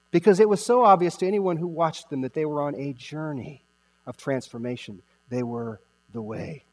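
A male pastor preaching a sermon, emphatic, repeating key phrases and slowing down to stress them. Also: on the high side, big-room sound.

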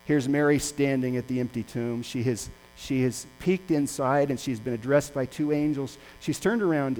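A male pastor preaching a sermon, impassioned and swinging between loud and hushed. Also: medium pitch, rough recording.

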